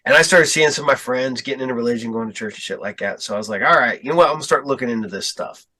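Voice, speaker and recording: A man telling a story in casual podcast chat, acting out quotes with big jumps in pitch. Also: rapid-fire, sharp tone, husky. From Ohio. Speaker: podcast guest.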